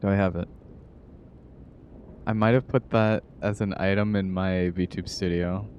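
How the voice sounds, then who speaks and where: A man hosting a relaxed live stream, greeting chat and laughing often as he talks. His voice sits low and moves slowly. A faint hum of noise runs underneath.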